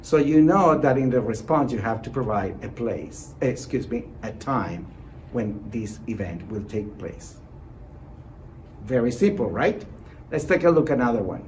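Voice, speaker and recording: A man teaching a recorded online lesson as a Spanish teacher, encouraging his students and modelling example sentences slowly and clearly. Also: mid-range voice, animated, darkish tone, a little hiss or hum, rough recording. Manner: encouraging, repeats short praise and reassurance.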